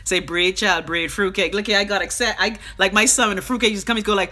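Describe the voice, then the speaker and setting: A woman's voice: mid-range voice, fairly even intonation, quick pace, hardly any pauses, sharp tone. A middle-aged Bahamian woman hosting a casual live stream. She rambles from topic to topic with salty, profane talk.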